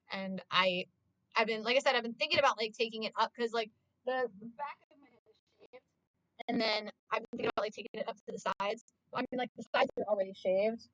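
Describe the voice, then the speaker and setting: Bright-voiced chatty woman streamer. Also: a little high, no echo. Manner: chatty, swears often, heavy use of "like". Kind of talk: casual live-stream chat.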